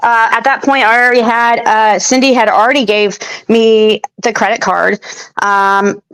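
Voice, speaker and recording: A woman's voice: on the high side, fairly even intonation, moderate pace, a bit bright, clear, resonant tone, low-quality recording. Upset woman defending herself. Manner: upset, defensive, repeats herself and restarts often. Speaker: guest. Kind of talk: casual livestream chat.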